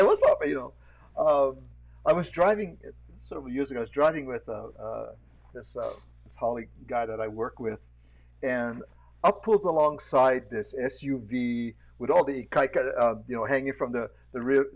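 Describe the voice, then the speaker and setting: An animated man from Hawaii, with a lilt, spins casual stories and jumps into the voices of the people in them. His pitch sits in the middle of the range, and he laughs easily. The sound comes through a dull, lo-fi video call line. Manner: animated storyteller, acts out voices, laughs often. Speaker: podcast host. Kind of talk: casual chat with storytelling.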